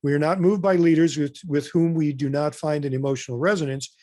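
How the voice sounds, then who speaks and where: A man leading a webinar in a relaxed, conversational way, stopping often for fillers and self-corrections. His voice sits a little high for a man. It comes through close and dry, with no room sound. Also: brisk, no room sound. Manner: loose and conversational, with many fillers and restarts. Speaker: webinar presenter. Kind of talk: informal webinar presentation.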